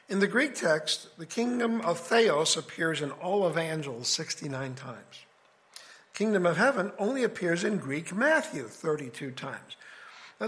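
High-voiced man giving a casual Bible lesson. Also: a bit bright. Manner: conversational, explains step by step. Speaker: Bible teacher. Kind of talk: casual scripture study lecture.

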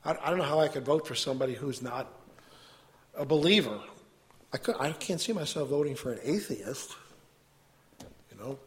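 A man giving an earnest, measured sermon to a congregation and reading scripture aloud. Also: medium pitch, expressive. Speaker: preacher.

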